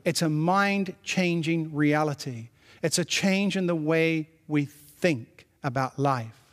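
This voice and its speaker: High-voiced preaching pastor in a hall. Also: male voice, slow pace. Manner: preaching with repeated declarations, reading scripture aloud. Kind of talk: sermon.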